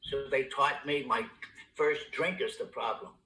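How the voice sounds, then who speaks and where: A man's voice: medium pitch, fairly even intonation, unhurried, pushed and bright, roomy sound, poor audio. Older man swearing through blunt testimony. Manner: blunt, heavy swearing, repeats and stammers. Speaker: recovery meeting speaker. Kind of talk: personal testimony talk. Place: meeting room.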